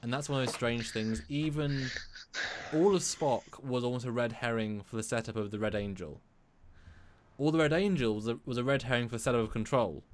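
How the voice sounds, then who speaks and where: A man from England co-hosting a live stream discussion, talking in an animated, rambling way with many restarts. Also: medium pitch, fairly quick, a little hiss or hum. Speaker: co-host.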